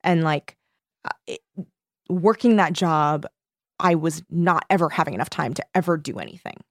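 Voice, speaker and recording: A young woman co-hosting a podcast, telling a story in casual chat, animated and swearing freely. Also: deep voice, moderate pace, no echo, studio quality. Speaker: podcast co-host.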